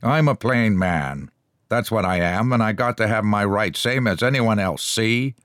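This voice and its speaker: A man doing a gruff, beefy brawler. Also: fairly low pitch, lively intonation, measured pace, a bit bright, no echo, clean studio sound, voice pushed up. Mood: blustering. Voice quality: gruff, growling.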